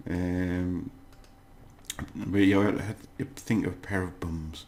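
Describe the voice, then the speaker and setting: A man's voice: deep voice, steady tone, very slow, darkish tone. A man teaching a casual language lesson, chatty and self-correcting, laughing at his own slips.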